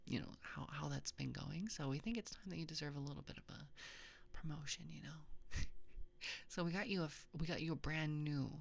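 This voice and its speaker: A woman's voice: deep voice, a little fast, gravelly. A woman playing a mock-proud circus clown. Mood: mock-earnest. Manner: mock-earnest, rambling, full of fillers. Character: mock-proud female circus clown addressing a fellow act. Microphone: binaural microphone.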